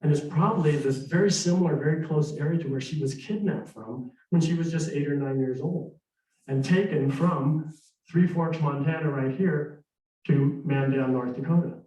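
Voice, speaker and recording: A middle-aged man telling history live to an audience, animated and conversational, acting out voices. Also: a little high, moderate pace. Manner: animated, conversational, acts out dialogue. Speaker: historical storyteller. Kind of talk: live storytelling presentation. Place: arts center hall. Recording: echoey hall, distant mic.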